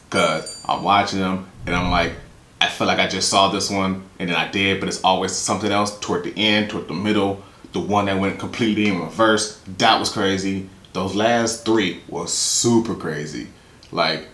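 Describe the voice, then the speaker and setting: A young man hosting a reaction video in casual slangy commentary, excited and hyped. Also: low voice, normal speed. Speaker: reaction channel host. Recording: echoey room with loud music. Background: anime opening music playing.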